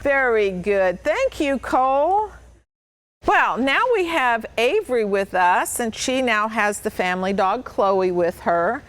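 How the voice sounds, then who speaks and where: A woman's voice: fairly high pitch, expressive, slow, fairly bright tone. A woman dog trainer patiently coaching children, with upbeat, sing-song praise. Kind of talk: hands-on instruction to children.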